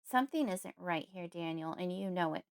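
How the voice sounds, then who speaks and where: A woman reading an audiobook, voicing a wary, suspicious woman friend who asks insistent questions in a higher voice. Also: expressive, moderate pace, creaky, clean tone.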